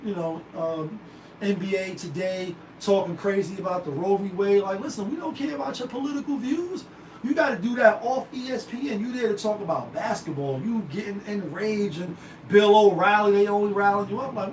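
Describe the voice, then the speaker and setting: A man hosting his own unscripted commentary show, talking in slangy, emphatic rants full of rhetorical questions. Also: sits high. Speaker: show host. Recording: roomy, distant mic with faint noise.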